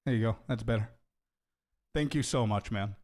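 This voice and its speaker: A man's voice: fairly low pitch, normal speed, a little mellow. A young man streaming, chatting casually with his viewers and thanking donors. He laughs often, stumbles into restarts, and keeps calling people bro and dude.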